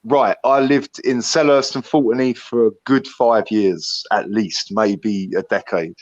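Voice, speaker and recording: A man's voice: fairly low pitch, fairly even intonation, unhurried, dry recording, lo-fi sound. A man, chatting casually on an online panel and playing with words. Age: 40s. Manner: laid-back, playful with words. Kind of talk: casual chat.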